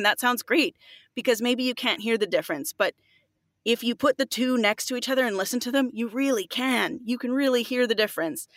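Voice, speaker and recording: A woman's voice: on the high side, fairly bright tone, no room sound, studio quality. A woman who works as a voiceover artist, talking earnestly in a casual interview and often saying "like". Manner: earnest, fillers like "like".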